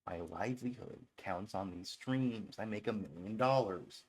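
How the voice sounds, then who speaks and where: A man's voice: on the low side, unhurried. Rambling, joking male streamer. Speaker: streamer reviewing viewer songs. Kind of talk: casual live-stream commentary.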